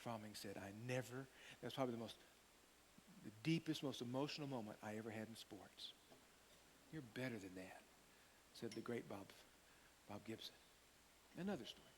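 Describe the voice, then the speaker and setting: An older man preaching a sermon as pastor, an animated storyteller who acts out the quotes. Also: mid-range voice, a little fast, pauses often. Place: church sanctuary. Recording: long hall reverb, faint hiss.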